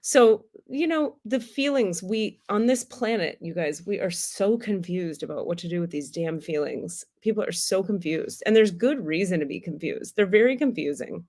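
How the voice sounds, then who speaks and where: Woman, livestream host, casual spiritual talk, candid, animated, swears, laughs a lot. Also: on the low side, normal speed, few pauses. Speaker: spiritual teacher hosting a livestream.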